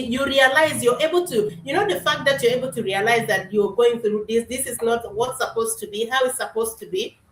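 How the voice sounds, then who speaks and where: A middle-aged woman giving a motivational talk. She is earnest, often repeats and restarts her words, and calls her listeners brother and sister. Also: fairly high pitch. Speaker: motivational speaker. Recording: echoey room, voice from a distance.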